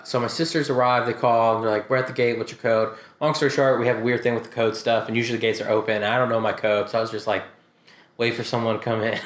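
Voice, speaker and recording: A man co-hosting a casual podcast, telling stories with lively, animated delivery. When he quotes people, his voice leaps up and down in pitch. The recording sounds roomy and echoey. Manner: animated storytelling, acts out quotes with big pitch jumps. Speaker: podcast co-host. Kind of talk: casual chat.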